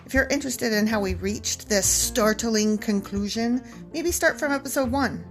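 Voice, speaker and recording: A woman's voice: fairly high pitch, normal speed, soft background music. Playful woman podcast co-host. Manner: giggly, playful banter. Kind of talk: casual chat.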